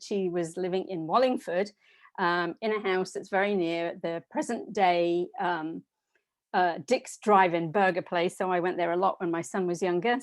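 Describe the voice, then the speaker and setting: A woman's voice: medium pitch, no echo. A woman researcher presenting on an academic panel over a video call, conversational and lightly humorous. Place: home office on a video call. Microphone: computer mic on a video call.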